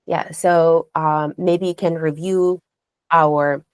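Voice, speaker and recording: A woman works as a contest trainer, teaching speech delivery in an instructional lecture where she coaches, poses rhetorical questions to the learners and demonstrates intonation aloud. Her deep voice is level in tone, with drawn-out words and long pauses, in a dry recording.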